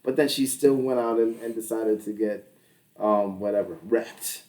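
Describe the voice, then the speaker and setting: A man's voice: lowish voice, normal speed, darkish tone. A man co-hosting a podcast in casual chat, rambling and swearing, often laughing. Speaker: podcast co-host. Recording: distant mic.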